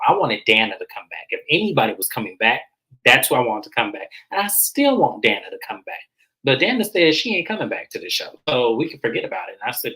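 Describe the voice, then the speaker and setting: Dude with a bright voice dishing gossip on a reality show, blunt and animated. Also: male voice, medium pitch, poor audio. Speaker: reality TV recap host. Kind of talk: casual recap chat.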